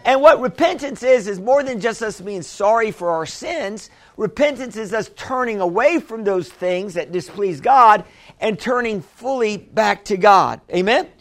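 Guy pastor w a high voice preaching, keeps asking for amens, repeats himself a lot. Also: expressive, measured pace. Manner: repeats and restarts phrases for emphasis. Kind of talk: sermon.

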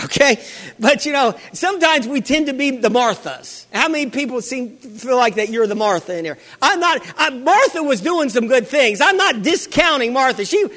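A man's voice: very high voice, bright, forceful tone. A male pastor preaching a sermon, repeating his phrases and calling out for amens from the congregation. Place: church hall. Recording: long reverb of a big hall.

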